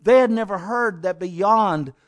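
Male preacher, high voice, dramatic sermon delivery, repetitive building cadence, speaks to the congregation as "my friend". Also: measured pace. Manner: dramatic, addresses listeners as "my friend"; builds with repeated phrases.

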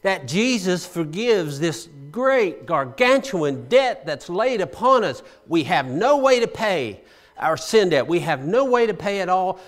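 Animated preaching man, high and lively. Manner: dynamic preaching, swinging from loud emphasis to hushed asides; explains scripture conversationally, asking the congregation questions. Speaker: pastor. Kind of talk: sermon.

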